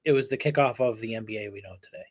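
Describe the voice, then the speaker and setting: A man co-hosting a casual sports podcast, mostly giving short agreeing replies with halting restarts. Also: fairly low pitch, dry recording. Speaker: podcast co-host.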